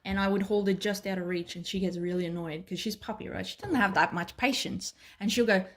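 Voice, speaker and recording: A woman's voice: mid-range voice, brisk, a little hiss or hum. An Australian woman working as a dog trainer, explaining at a whiteboard in a casual, chatty way and often checking in with "right?" and "okay".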